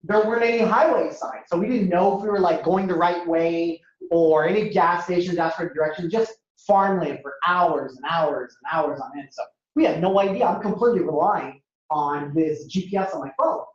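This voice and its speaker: A man giving a lively storytelling talk as a guest speaker at a university, acting out dialogue in a casual way. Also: sits high, moderate pace. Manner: animated, acts out dialogue, casual. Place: university lecture hall. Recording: echoey hall, dull lo-fi sound.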